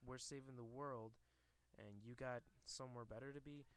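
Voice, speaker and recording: A man's voice: medium pitch, normal speed, lightly acted. A man reading a sarcastic female superhero's lines from a comic, plainly and barely acted. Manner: flat read-out dialogue, barely acted.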